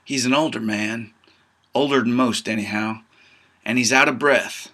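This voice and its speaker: Guy reading his own book, folksy drawl, bright clear voice, tough-guy storyteller vibe. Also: mid-range voice, fairly even intonation, moderate pace. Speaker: author reading his novel. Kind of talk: first-person audiobook narration.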